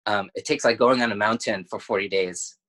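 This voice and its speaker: A man in a casual spiritual chat, earnest and halting, piling up fillers. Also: on the low side, a bit bright.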